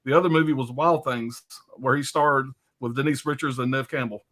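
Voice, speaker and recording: Fast-talking, profane man hosting a stream. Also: medium pitch, steady tone, fairly bright tone. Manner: loose, profane and rambling, with many fillers. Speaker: live stream host. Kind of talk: casual chat about films.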